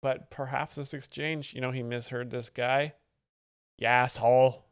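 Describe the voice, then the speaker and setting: A man's voice: mid-range voice, fairly even intonation, moderate pace, clean tone, no room sound, studio quality. A man live-streaming, wryly explaining stand-up jokes and thanking viewers in a rambling, casual way. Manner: wry, rambling, reads donations aloud.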